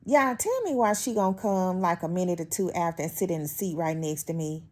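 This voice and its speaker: A woman's voice: fairly low pitch, expressive, brisk, a little mellow. A woman vlogger telling a workplace story in casual chat, chatty and exasperated, talking straight to her viewers. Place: at home.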